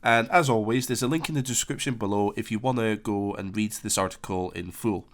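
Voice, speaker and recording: A man's voice: on the low side, a little fast. A man giving casual commentary on a game announcement, hesitant with many fillers and restarts. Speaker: flight sim commentator.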